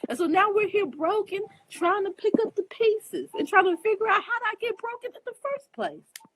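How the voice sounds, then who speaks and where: A woman's voice: very high-pitched, normal speed, fairly bright tone, rough recording. A woman astrologer speaking casually and earnestly to her viewers, emphatic and preachy, often asking if they understand, and openly emotional. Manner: earnest, emphatic, preachy, addresses listeners directly. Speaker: astrologer giving advice. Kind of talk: casual spoken monologue to viewers.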